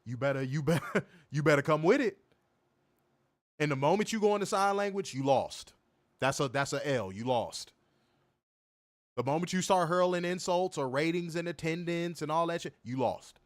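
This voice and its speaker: A young man co-hosting a wrestling review livestream, reading chat comments and trash-talking in a profane, animated way. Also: fairly high pitch, moderate pace, no echo, clean studio sound. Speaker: wrestling podcast co-host.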